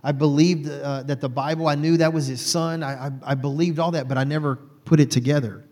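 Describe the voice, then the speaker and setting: A man's voice: on the high side, fairly even intonation, fairly quick, a little mellow, big-room sound. A man from Texas, a guest telling his personal faith story in an earnest, heartfelt way.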